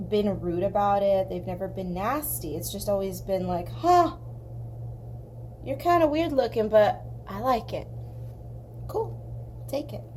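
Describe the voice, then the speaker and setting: A young woman from southern California, hosting an art channel, telling a long story in a chatty, animated way while she colors. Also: medium pitch, slight background noise. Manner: chatty, animated, acts out quoted voices.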